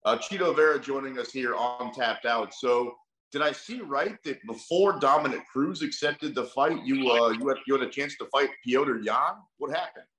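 A man's voice: medium pitch, normal speed, a bit bright. A man hosting a podcast, asking interview questions casually with some hesitant fillers. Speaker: podcast host. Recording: roomy echo.

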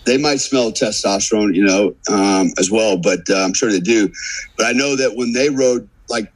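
A man's voice: on the low side, normal speed, no echo, rough recording. Dry-voiced American man telling war stories. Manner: profane, animated anecdote teller acting out quotes. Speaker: guest. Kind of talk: storytelling in casual podcast chat.

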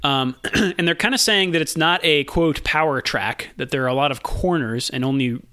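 A man hosting a casual podcast chat, relaxed, laughing easily and filling pauses with ums and uhs. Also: on the high side, dry recording, clean studio sound. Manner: relaxed, laughs often, many fillers. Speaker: podcast host.

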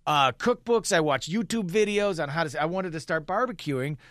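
A man's voice: a little high, fairly quick, no room sound, clean studio sound. A middle-aged man co-hosting a casual chat, telling stories with playful exaggeration. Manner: animated storyteller, playful exaggeration.

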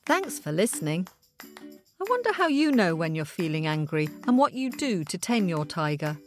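A woman narrating a children's story expressively and gently, speaking to young listeners. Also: on the low side, big pitch swings, normal speed, music in the background.

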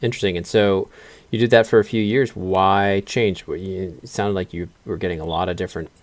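A man's voice: low-pitched, steady tone, brisk, no room sound. A man hosting a podcast, asking long, searching questions with many restarts. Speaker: podcast host. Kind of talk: interview questions, conversational.

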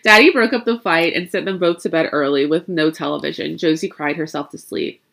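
A woman reading a spooky story aloud in an expressive, chatty way, breaking off now and then for playful asides. Her speaking voice sits a little low for a woman, and she tumbles over a word here and there before carrying on. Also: fairly quick, gravelly. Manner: expressive, chatty, stumbles and laughs at her own jokes.

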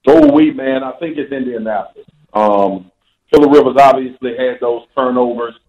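A man appearing as a guest football analyst on sports radio, giving confident, energetic analysis. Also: medium pitch, normal speed, echoey room, dull audio.

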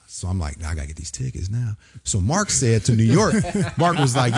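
A man from Springfield, Illinois, telling a lively story in casual talk and acting out the voices of the people in it. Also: mid-range voice, a little fast, few pauses, slightly rough. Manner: animated storyteller, acts out quoted voices. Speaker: podcast guest.

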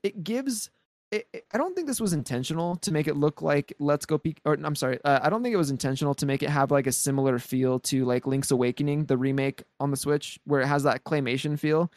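A man co-hosting a podcast, talking excitedly in casual chat and rambling with many restarts and repeated words. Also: fairly high pitch, fast talker, no room sound. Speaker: podcast co-host.

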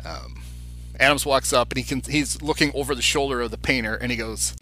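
A man's voice: medium pitch, steady tone, brisk, bright, forceful tone, soft background music, rough recording. A man co-hosting a casual podcast, chatty and recounting film scenes with enthusiasm. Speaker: podcast co-host.

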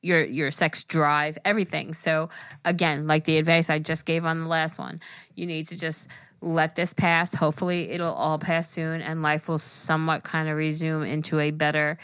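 A woman's voice: low voice, level tone, normal speed, a bit bright, clear, resonant tone, dry recording. A middle-aged woman co-hosting a podcast, giving blunt, frank advice in casual chat and swearing freely. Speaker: podcast co-host.

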